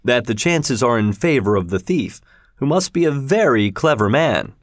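A man voicing an excitable Victorian gentleman who throws out loud, challenging wagers. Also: medium pitch, normal speed, dry recording, studio quality, close to an everyday voice. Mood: doubtful.

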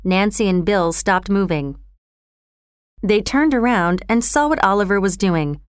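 A woman narrating a storybook in an even, clear reading manner. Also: mid-range voice, unhurried, no room sound, studio quality.

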